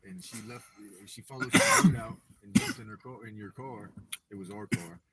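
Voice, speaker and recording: A man's voice: fairly low pitch, big pitch swings, moderate pace, over a noisy crowd. A man telling a long personal story in casual live-stream chat, rambling with restarts and acted-out quotes. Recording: distant mic with clear background noise.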